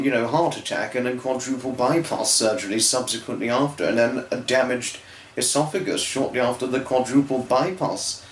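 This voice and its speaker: A man's voice: mid-range voice, slight background noise. Tearful, earnest man in an echoey room. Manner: earnest, rambling, with many restarts. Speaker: fan vlogger. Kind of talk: personal vlog monologue.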